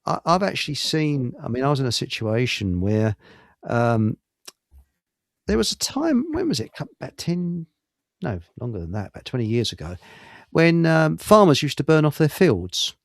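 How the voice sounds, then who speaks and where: A man's voice: medium pitch, sing-song, normal speed, vocal fry, no echo, studio quality. A middle-aged man hosting a casual talk show, telling rambling stories full of restarts. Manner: rambling anecdotes with frequent restarts. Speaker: host.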